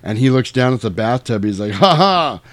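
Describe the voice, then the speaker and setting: Animated man retelling a movie, dry mic. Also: fairly low pitch, fast talker, dry recording. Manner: animated storytelling, acts out quotes, swears freely. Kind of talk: casual movie recap chat.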